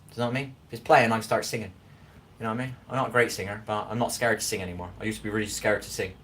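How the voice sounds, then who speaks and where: A man's voice: on the low side, steady tone, racing, fairly bright tone. A man with a Scottish accent chatting loosely on a live stream from his kitchen, rambling and often checking that he is understood. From Scotland. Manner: rambling, keeps asking "do you know what I mean". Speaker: livestreamer. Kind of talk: casual live-stream chat. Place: home kitchen.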